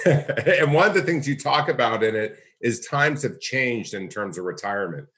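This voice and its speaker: A man's voice: medium pitch, animated, moderate pace, fairly bright tone. Conversational man hosting an interview. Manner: conversational, personal anecdotes. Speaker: interview host. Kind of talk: interview questions.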